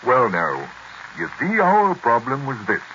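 A man's voice: mid-range voice, huge pitch swings, measured pace, sharp tone, a little hiss or hum, heavily acted. An actor playing a chatty, proud English farmer with an English accent who tells his story in a folksy way, in 1940s radio acting. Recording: dull lo-fi 1940s radio recording.

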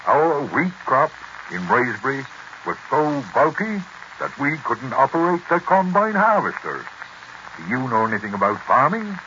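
A man's voice: medium pitch, sing-song, normal speed, pushed and bright, a little hiss or hum. An actor playing a chatty, proud English farmer with an English accent who tells his story in a folksy way, in 1940s radio acting. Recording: dull lo-fi 1940s radio recording.

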